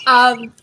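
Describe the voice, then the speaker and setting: A bubbly woman player who giggles and chatters in quick asides. Her voice is bright and a touch high, with a sharp edge. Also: a little hiss or hum, rough recording. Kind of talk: tabletop role-play chat.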